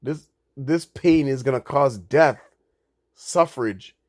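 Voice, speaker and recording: A man's voice: slow, no room sound, studio quality. Indignant man ranting about economics. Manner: indignant, restarts often, gets louder and higher when angry. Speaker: crypto commentator. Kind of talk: reading news and reacting.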